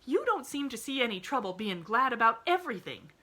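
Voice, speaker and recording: A woman's voice: on the high side, sing-song, brisk, sharp tone, pitched above the performer's own voice, heavily acted. A woman doing a flustered, folksy young housemaid. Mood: kindly. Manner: rustic folksy speech, flustered and exclaiming.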